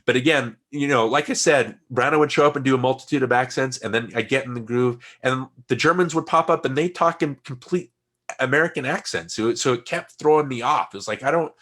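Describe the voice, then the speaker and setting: A man's voice: medium pitch, a little fast, fairly bright tone. A man co-hosting a casual film podcast, rambling, with frequent restarts and trailing asides. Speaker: podcast co-host.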